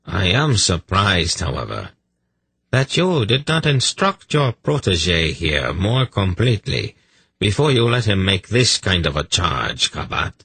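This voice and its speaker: A male audiobook narrator voicing a menacing older male sorcerer-priest who speaks in a calm, deadly, mocking way. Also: sits low, slightly rough, no room sound, full character voice. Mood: coldly mocking. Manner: slow, cold, mocking. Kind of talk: audiobook character reading.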